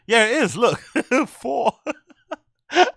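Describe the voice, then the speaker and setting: A man with a notably high voice gives casual livestream commentary on clips, swearing freely and laughing often. He sounds incredulous and teasing. His voice is recorded dry and close, with no room sound. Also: sing-song, slow, gravelly, a bit bright, husky, no room sound. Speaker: podcast host.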